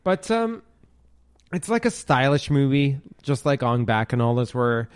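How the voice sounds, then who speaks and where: A man's voice: medium pitch, big pitch swings, measured pace, clear, resonant tone, no echo, studio quality. A man in his forties hosting a podcast, chatting casually about movies, rambling and full of fillers, with the odd swear. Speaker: podcast host.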